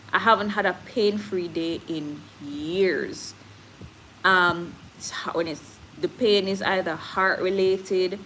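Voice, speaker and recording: This is a low-quality recording of a woman with a fairly low voice and a Jamaican accent chatting casually on a live stream, with slight background noise. She talks candidly, reads out viewer comments, and drifts into patois as she goes.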